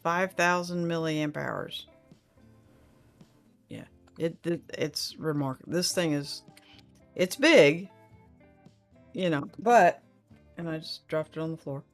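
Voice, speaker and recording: A woman's voice: low voice, slow pace, long pauses, faint music behind. A middle-aged woman, hosting a casual livestream chat and reading viewer comments aloud in a rambling, friendly way. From Oklahoma.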